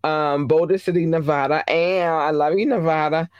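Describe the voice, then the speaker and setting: A show host from Baltimore giving casual, effusive and affectionate shout-outs to listeners, with big playful jumps in pitch. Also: steady tone, moderate pace, clear, resonant tone, no room sound, highs cut off. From Baltimore, Maryland. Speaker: podcast host.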